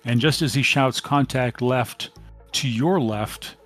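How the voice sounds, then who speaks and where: A man serving as game master, narrating a tabletop role-playing session at a mid pitch. He lays out distances, gunfire and rolls in steady, descriptive sentences with occasional ums. Faint music sits underneath. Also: a little slow.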